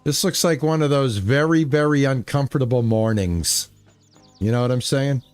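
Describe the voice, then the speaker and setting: A man's voice: mid-range voice, moderate pace, a little mellow, clean tone, no echo, soft background music. Laid-back man streaming a game. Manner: laid-back, rambling, talks to chat. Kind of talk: casual live gameplay chat.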